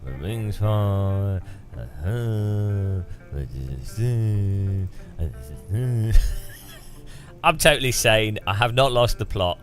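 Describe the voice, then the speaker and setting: A man's voice: lowish voice, animated, very slow, soft background music. A man joking through live racing-game commentary, greeting chat and poking fun at himself. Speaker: gaming streamer.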